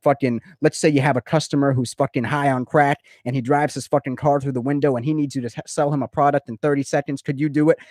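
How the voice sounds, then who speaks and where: Animated, swearing man telling a story. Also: medium pitch, no echo, clean studio sound. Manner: animated, profane, repeats himself. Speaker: guest in a recorded conversation. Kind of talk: casual storytelling chat, heavy swearing. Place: lives in Florida.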